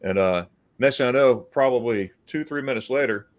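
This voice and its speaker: An American man hosts a livestream chat in a mid-range voice at normal speed. He tells a story loosely and ramblingly, often repeating words and voicing what other people said.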